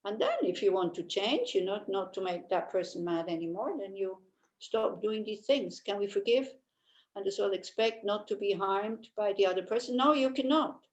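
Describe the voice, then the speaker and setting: A woman's voice: medium pitch, expressive, normal speed, highs cut off. A woman teaching a Buddhist class, talking in a conversational way and often checking in with tag questions while she answers listeners' questions.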